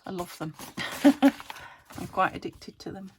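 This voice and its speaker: A British woman chatting casually as she crafts at home, rambling, thinking aloud and dropping into soft muttered asides. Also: fairly low pitch, a little slow. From United Kingdom. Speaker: craft vlogger. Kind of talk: casual chat while crafting. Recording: steady background noise.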